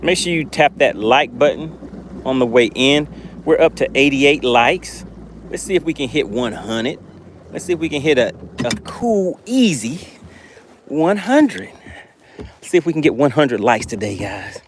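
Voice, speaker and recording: A man's voice: medium pitch, normal speed, a little hiss or hum. Chatty man live-streaming from a fishing boat. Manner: chatty, thanks viewers warmly. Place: outdoors on a boat on the water.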